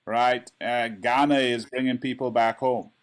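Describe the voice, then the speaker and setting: A man's voice: mid-range voice, steady tone, unhurried. A man who is an actor and director, chatting as a podcast guest, enthusiastic and often asking "right?". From Canada. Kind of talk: casual chat.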